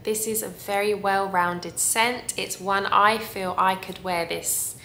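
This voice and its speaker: A woman's voice: medium pitch, steady tone, takes it slowly, creaky, bright, forceful tone, echoey room, slight background noise. A woman reviewing perfumes in a casual vlog, gushing and lingering over her descriptions.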